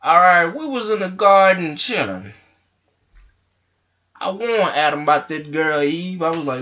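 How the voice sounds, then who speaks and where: A man's voice: fairly high pitch, sing-song, a little slow, long pauses, pushed and bright, dull audio. A man telling a rambling, profane comic story into a microphone. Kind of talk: comedic monologue.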